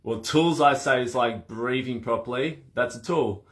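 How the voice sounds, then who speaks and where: In a casual conversation, a man coaches breath work, getting animated and laughing as he acts out little scenes. His voice is mid-range and his pace moderate.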